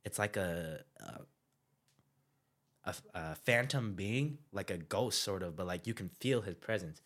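A man's voice: low voice, expressive, a little slow, fairly bright tone. A young man telling stories in a casual chat with friends, slangy and laid-back, laughing often. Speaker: podcast co-host.

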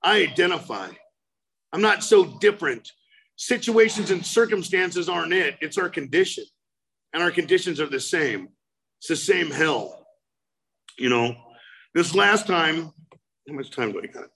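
A man's voice: a little high, animated, unhurried, gravelly, pauses often, bright, forceful tone, poor audio. A man giving a personal recovery talk, telling his story with emphatic outbursts and vivid storytelling. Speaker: recovery speaker.

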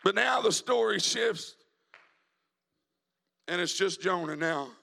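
Raspy, high-voiced preacher swinging to shouts. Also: male voice, lively intonation, takes it slowly, a faint crowd. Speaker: evangelist preacher. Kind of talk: sermon. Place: church sanctuary.

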